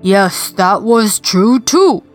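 A woman voicing a boastful, easily frightened male turtle in a storybook reading, speaking slowly with drawn-out emphasis. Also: mid-range voice, expressive, faint music behind. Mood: timid.

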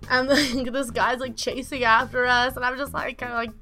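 A woman's voice: high-pitched, flat delivery, moderate pace, over music. A young woman telling a story in casual podcast chat, rambling, saying "like" a lot and laughing often. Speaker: guest storyteller.

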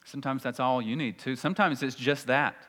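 A man preaching a sermon in church, reading scripture aloud and acting out the people in it with lively energy. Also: mid-range voice, fairly quick. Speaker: pastor. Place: church sanctuary. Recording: long reverb of a large hall.

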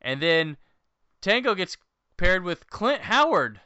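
A man co-hosting a podcast, recapping a movie plot in a casual, lively way with quick laughs. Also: sits high, clean tone, no echo, dull audio. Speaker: podcast co-host.

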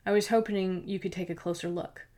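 A woman's voice: mid-range voice, steady tone, fairly quick, dark tone, lightly acted. A woman voicing a guarded young woman investigator in an audiobook, speaking tersely and warily.

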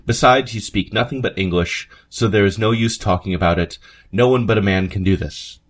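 A man's voice: fairly low pitch, a little fast, natural voice. A man reading the part of a curt, dismissive newspaper business manager from the 1890s.

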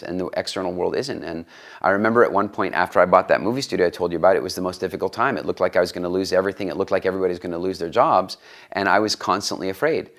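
Reflective middle-aged man, lowish voice. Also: fast, creaky. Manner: reflective, repeats words while searching for the next thought. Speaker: guest, studio owner. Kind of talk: conversational interview storytelling.

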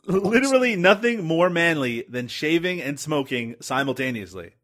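A man's voice: on the high side, very animated, moderate pace, a bit bright. A man co-hosting a casual movie commentary show, joking, swearing and laughing often. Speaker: movie review podcast co-host.

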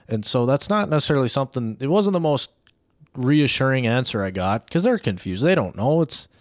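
A man's voice: medium pitch, sing-song, a little fast, no room sound, studio quality. Chatty man telling a hunting story. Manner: chatty, loose, exaggerates for effect. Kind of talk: casual chat.

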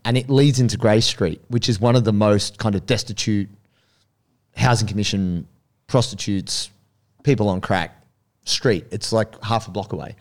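A man's voice: lowish voice, moderate pace. A man with an Australian accent, casually telling a story and acting out the voices in it. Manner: animated, acts out voices in anecdotes.

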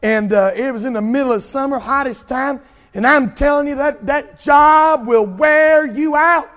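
A pastor preaching an impassioned sermon, drawing out emphatic lines and rising to shouts. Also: male voice, very high-pitched, a little slow, long reverb tail.

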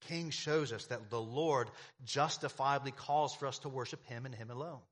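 A man's voice: mid-range voice, normal speed, a bit bright. A man preaching a sermon as pastor, emphatic, with repeated phrases and rhetorical questions to the congregation.

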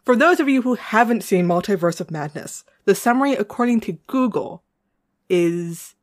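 A woman with a New England accent co-hosting a casual podcast, wry and relaxed as she introduces the episode. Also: medium pitch, normal speed. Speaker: podcast co-host.

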